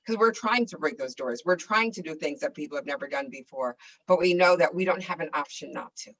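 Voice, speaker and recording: A woman's voice: low-pitched, brisk, fairly bright tone, distant mic, muffled recording. A woman on a discussion panel speaking in an emphatic, urging way.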